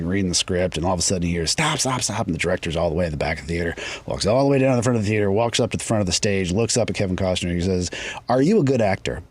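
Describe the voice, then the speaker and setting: A man, a realtor and guest, talking casually on a podcast and telling reflective stories that trail off into softer asides. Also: deep voice, breathy edge. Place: studio.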